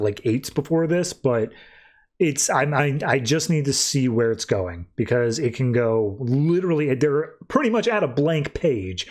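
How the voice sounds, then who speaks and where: A young adult man on a podcast, casually recapping a comic in a loose, rambling way and jumping into quick voices for quoted lines. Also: mid-range voice, a little mellow. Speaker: podcast co-host.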